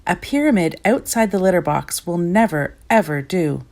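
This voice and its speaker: A woman's voice: fairly low pitch, animated, moderate pace, darkish tone. Woman doing a scolding mother cat. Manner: scolding, drawling.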